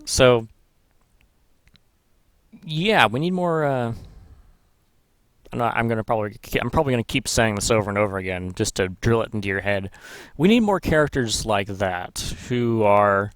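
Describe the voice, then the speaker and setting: A man's voice: medium pitch, a bit bright, no echo. A man vlogging in casual commentary, rambling and swearing, correcting himself as he goes. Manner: rambling, profane, self-correcting. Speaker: gaming vlogger.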